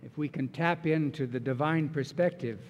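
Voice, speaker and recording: A man's voice: on the high side, normal speed, a little hiss or hum. A man preaching a sermon as pastor, earnest and emphatic as he walks through scripture. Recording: long reverb of a large hall.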